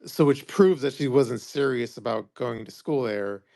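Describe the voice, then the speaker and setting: A man's voice: medium pitch, normal speed, creaky, warm tone. A man co-hosting a podcast, talking casually and hesitantly. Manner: hesitant, many fillers and restarts. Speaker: podcast co-host. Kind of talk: casual chat.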